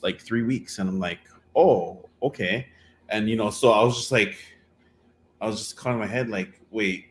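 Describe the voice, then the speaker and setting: A man's voice: fairly low pitch, slight background noise. A middle-aged man co-hosting a podcast, telling a dating story in a rambling, casual way. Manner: rambling, many fillers and restarts. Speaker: podcast co-host.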